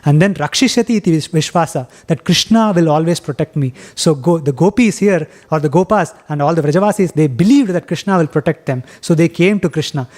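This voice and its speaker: Male class speaker, slightly high voice, retells scripture haltingly with fillers. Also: a little mellow. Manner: halting, many fillers and restarts. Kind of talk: devotional storytelling class.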